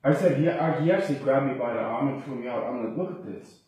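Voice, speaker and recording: A man's voice: mid-range voice, fast, warm tone. A man from Canada, a patient talking to his doctor, agitated and rambling, often breaking off and restarting. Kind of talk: distressed complaint to a doctor. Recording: echoey room, far from the mic.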